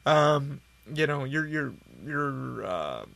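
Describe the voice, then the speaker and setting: Slow, creaky and fairly bright, this man's medium-pitched voice swings widely in pitch. Hosting a podcast from a hot room at home, the upstate New Yorker rambles profanely, sounding weary and yawning as he goes.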